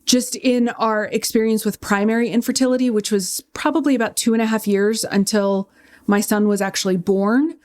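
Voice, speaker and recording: A woman's voice: medium pitch, steady tone, normal speed, a little mellow. A woman in her thirties hosting a podcast, speaking earnestly and personally in casual conversation. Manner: earnest, personal, laughs easily. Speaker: podcast host.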